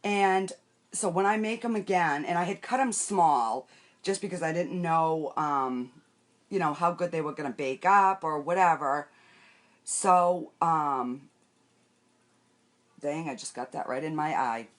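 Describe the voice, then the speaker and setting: A woman's voice: low voice, measured pace. An older woman chatting casually on a makeup live stream, rambling through her day and greeting viewers by name. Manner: talks while wiping her face and doing makeup. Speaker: makeup vlogger.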